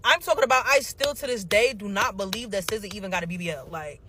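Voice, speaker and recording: Fed-up emphatic speaker with a bright voice. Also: medium pitch, fast talker, slight background noise. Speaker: commentator reacting to celebrity news. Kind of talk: casual reaction video.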